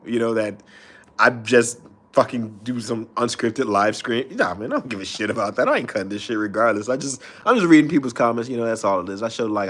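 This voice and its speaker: A man ranting on an unscripted live stream and reading comments, heated and profane, with his voice swinging sharply up and down. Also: medium pitch.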